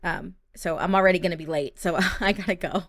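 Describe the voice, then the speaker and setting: A woman's voice: fairly low pitch, fairly even intonation, brisk, fairly bright tone, dry recording, studio quality. A woman voicing a young female student who sounds earnest, a bit defensive and hurt. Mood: casual.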